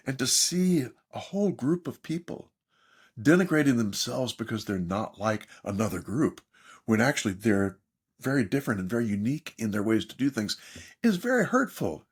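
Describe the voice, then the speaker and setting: A man's voice: medium pitch, breathy edge. An older man, a therapist and author, speaking as a podcast guest in an emphatic storytelling manner. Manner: animated, emphatic storyteller, mimics others in quotes.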